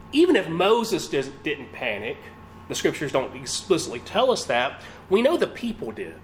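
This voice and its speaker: A man's voice: on the high side, fairly bright tone, a little hiss or hum. A man preaching a sermon, reading scripture aloud and putting rhetorical questions to his listeners.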